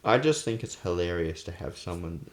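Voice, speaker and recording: Laid-back young man with a lowish voice. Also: lively intonation, normal speed. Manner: laid-back, hesitant, often laughing. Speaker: co-host. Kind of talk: casual chat.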